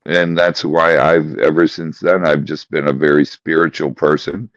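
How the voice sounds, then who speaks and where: A man co-hosting a podcast, telling a story in a slow, deliberate way. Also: very deep voice, level tone, no echo. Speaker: podcast co-host. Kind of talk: casual chat. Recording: dry, dull lo-fi sound.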